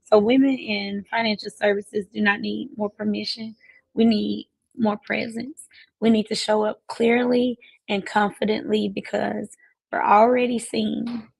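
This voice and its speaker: Husky-voiced woman giving a motivational live talk. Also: mid-range voice, little pitch movement, unhurried, no echo, poor audio. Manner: emphatic, repetitive, preacherly phrasing. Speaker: financial services coach hosting a live stream.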